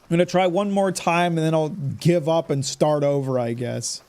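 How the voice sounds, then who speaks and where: A man talking over his own gameplay in the exasperated, sarcastic way of a let's-play host. His voice sits a little high for a man, and he swears freely as he grumbles at the game. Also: steady tone, moderate pace, a little mellow, clean tone. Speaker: gaming channel host.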